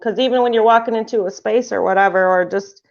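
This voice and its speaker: A woman's voice: medium pitch, quick pace, vocal fry. A woman hosting a casual spiritual chat podcast, talking in a rambling way with many restarts. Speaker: podcast host. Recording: muffled lo-fi sound.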